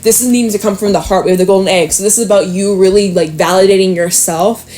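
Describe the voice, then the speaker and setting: A woman's voice: medium pitch, steady tone, fast, warm tone. A young adult woman giving a casual spoken tarot reading, chatty and emphatic, swearing now and then and using lots of fillers. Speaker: tarot reader.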